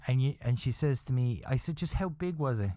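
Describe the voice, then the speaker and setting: A man hosting a podcast, telling a comedic story in a profane, rambling, animated way, acting out his own panic. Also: mid-range voice, fairly quick, dry recording. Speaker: podcast host.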